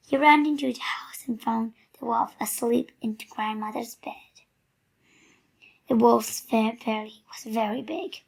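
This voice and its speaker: A woman reads a children's story aloud, soft and close to a whisper at times. Her voice is slow, husky and gravelly, set a little high. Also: fairly even intonation.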